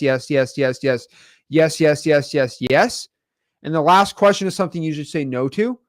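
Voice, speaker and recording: A man with a slightly high voice coaching on camera in a loose, conversational way. His pitch swings widely as he talks, and he keeps checking in with okay and right. The sound is dry and close. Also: no echo. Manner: animated, tag questions like okay and right. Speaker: real estate wholesaling coach. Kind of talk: casual teaching to camera.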